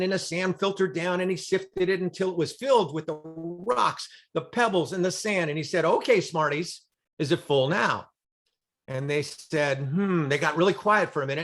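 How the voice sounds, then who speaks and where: A man's voice: fairly high pitch, a bit bright. A man giving a motivational talk on a group call, telling a story with dramatic, emphatic repetition. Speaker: motivational speaker. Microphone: video call.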